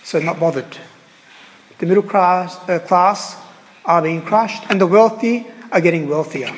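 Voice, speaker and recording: A man preaching a sermon as a priest, earnest and halting, repeating phrases and pausing on fillers. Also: high-pitched, in a large hall, background noise.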